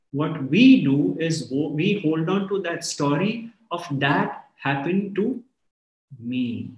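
A man giving a spiritual talk, telling stories in a calm, reflective way. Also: a little high. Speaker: spiritual teacher. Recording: echoey room.

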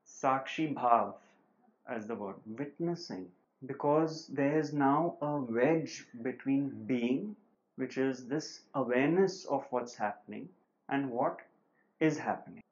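A man giving a spiritual talk as a teacher, slow and measured with long pauses, on a slightly dull lo-fi recording. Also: medium pitch.

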